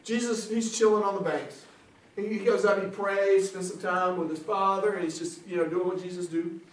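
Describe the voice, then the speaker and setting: Animated Southern preacher in an echoey hall. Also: male voice, high voice, normal speed, far from the mic. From South Carolina, USA. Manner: animated, laughing, loud bursts. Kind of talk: comic storytelling sermon.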